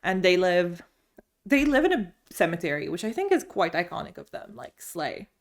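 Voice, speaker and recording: A woman's voice: fairly low pitch, sing-song, normal speed. A young woman reviewing her monthly reading in a casual vlog, gushing and chatty, often restarting her sentences. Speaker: book vlogger. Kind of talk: casual book review chat. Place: home room lit by sun.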